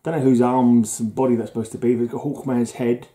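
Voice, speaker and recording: A man's voice: mid-range voice, level tone, fast, warm tone. A man hosting a casual vlog about his comic book collection, chatty and easily amused, who chuckles often as he talks.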